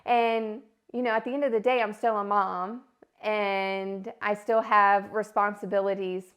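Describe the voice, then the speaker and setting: A woman's voice: mid-range voice, measured pace. A woman in her thirties, a podcast host telling a story in a casual monologue and acting out the voices she quotes. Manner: animated, acts out quoted voices.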